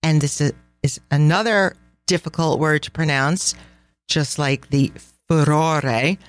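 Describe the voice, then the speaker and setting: Middle-aged woman, podcast host, bright enthusiasm, slightly low pitch, dry close mic. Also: measured pace, no echo. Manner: enthusiastic, laughs often, sprinkles in Italian phrases. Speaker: podcast host and travel planner. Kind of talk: casual travel podcast chat.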